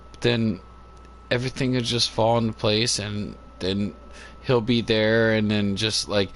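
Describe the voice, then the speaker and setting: A man chatting casually on a livestream into a phone, laughing often and talking in loose, halting, filler-filled sentences. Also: on the low side, steady tone, a little hiss or hum. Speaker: live streamer. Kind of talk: rambling casual chat. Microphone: phone on a cord.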